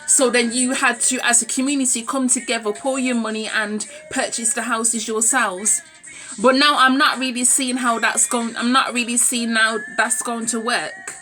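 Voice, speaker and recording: A woman's voice: fairly high pitch, steady tone, normal speed, sharp tone, faint music behind. A woman giving a frank, forthright vlog monologue. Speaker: vlogger. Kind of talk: opinionated talking-to-camera monologue.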